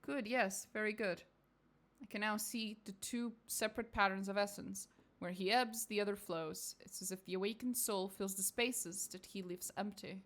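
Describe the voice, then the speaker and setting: A fussy, self-important scholar woman who reels off her findings briskly and clinically in a game, as a woman reading it aloud puts her on. Her voice sits at a plain middle pitch for a woman. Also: fairly even intonation, fairly bright tone, lightly acted. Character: pompous, fussy female scholar of souls.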